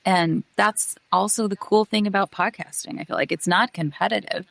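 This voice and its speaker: A woman's voice: medium pitch, moderate pace, gravelly, fairly bright tone, no echo. A woman co-hosting a podcast, talking in an earnest, encouraging way. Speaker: podcast co-host. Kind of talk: casual podcast conversation.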